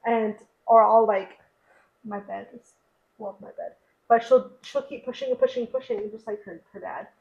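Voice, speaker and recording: A woman's voice: on the high side, fairly even intonation, moderate pace, vocal fry, a little mellow, muffled recording. A young woman co-hosting a podcast, talking candidly and a bit rambly about her own life, with lots of fillers. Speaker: podcast co-host. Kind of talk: casual conversation. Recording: echoey room.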